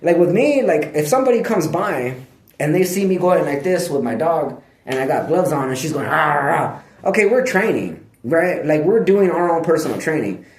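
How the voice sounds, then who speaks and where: A man talks straight to camera in a loose, digressive monologue, full of slang and swearing. His voice sits a little high for a man. The sound bounces around a bare, echoey room. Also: sing-song, normal speed, darkish tone. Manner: profane, slangy, digressive, breaks off to scold his dog. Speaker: vlogger. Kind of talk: rambling casual monologue.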